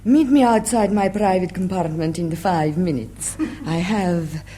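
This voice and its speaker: A woman's voice: fairly low pitch, unhurried, mellow, slight background noise, natural voice. A woman playing a sly seductive spy. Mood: coy. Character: sly, seductive female Russian underground agent. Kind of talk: 1960s radio comedy acting.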